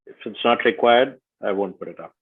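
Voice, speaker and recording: A man leading an online workshop, speaking slowly and deliberately and stressing each syllable as he reads. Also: fairly low pitch, breathy edge. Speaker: workshop facilitator. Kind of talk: online teaching session. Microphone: video call. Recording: tinny video-call audio.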